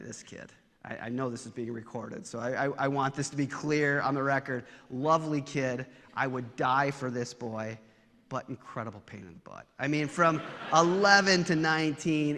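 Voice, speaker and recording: A middle-aged man lecturing on theology, mixing history with self-deprecating family stories. His voice sits at an ordinary pitch. The sound carries a long reverb, as in a lecture hall. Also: fairly bright tone. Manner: storytelling, self-deprecating asides.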